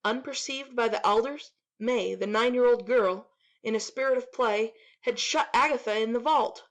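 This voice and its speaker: Expressive woman narrating a classic story. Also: on the high side, moderate pace. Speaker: audiobook narrator.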